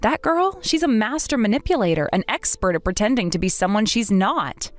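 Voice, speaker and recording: A woman's synthetic voice reading a text-message story, playing two young female rivals from school as they trade sharp, bickering lines. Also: medium pitch, lively intonation, brisk, faint music behind, natural voice.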